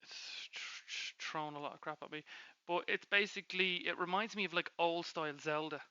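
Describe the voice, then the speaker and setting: A young man co-hosting a casual gaming podcast, teasing and quick to laugh. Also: a little high, pushed and bright, clean tone, no echo. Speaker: podcast co-host. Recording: dull lo-fi mic.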